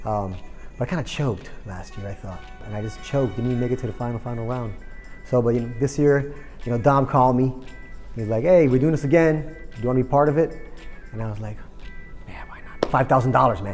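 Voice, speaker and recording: Laid-back, fast-talking man. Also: medium pitch, warm tone. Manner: laid-back, chatty, with frequent "all right" and "you know". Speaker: comedian contestant. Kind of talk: casual interview confessional.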